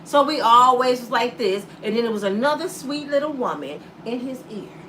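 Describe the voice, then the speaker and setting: A woman YouTuber giving blunt, animated commentary to her viewers and acting out the voices of people she quotes. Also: a little high, normal speed, distant mic, slight background noise. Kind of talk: casual commentary to camera.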